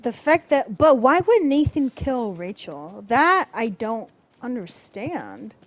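A woman commenting over a game she's playing, slangy and profane, reacting with big emotion. She talks slowly with a lot of swing in her pitch. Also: sing-song. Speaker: gaming streamer. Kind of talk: let's play commentary.

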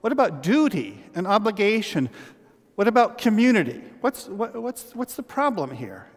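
A man's voice: sits high, sing-song, normal speed, voice pushed up. A man voicing an exasperated, sarcastic elderly queen in a sermon anecdote, with long church reverb.

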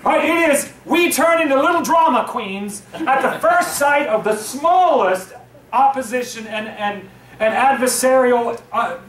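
A man pastor preaching a sermon from the pulpit, lively and joking with his congregation. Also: very high voice, a little slow, slight background noise. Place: church sanctuary, at the pulpit. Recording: echoey room, voice from far off.

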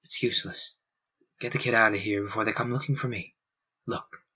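A man reading as a deadpan, stern older manager. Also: fairly low pitch, quick pace, full character voice. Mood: curt. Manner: deadpan, clipped. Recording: dull lo-fi recording.

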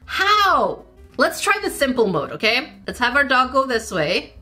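A woman hosting a casual let's-play, giggly and excitable, talking to the game and the dog on screen. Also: high voice, measured pace, faint music behind. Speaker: gaming channel host.

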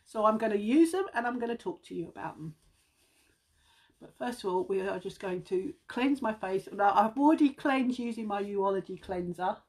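A chatty woman from Britain hosts a casual beauty live stream, a bit out of breath. Her voice has a gravelly, husky edge. She talks to her viewers as guys and hums under her breath between tasks. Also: medium pitch, normal speed, darkish tone. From United Kingdom. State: slightly out of breath. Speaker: beauty seller livestreaming.

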